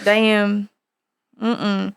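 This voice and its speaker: Gravelly, dry-voiced woman podcaster. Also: medium pitch, little pitch movement, extremely slow, no room sound. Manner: blunt and profane, laughs often. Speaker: podcast host. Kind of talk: casual podcast chat.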